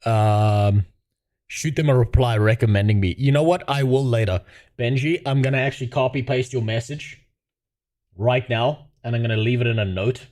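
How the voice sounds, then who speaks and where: A man's voice: medium pitch, moderate pace, darkish tone. A man chatting casually on a livestream, profane and rambling, talking to his viewers. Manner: profane, rambling, laughs often. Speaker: streamer.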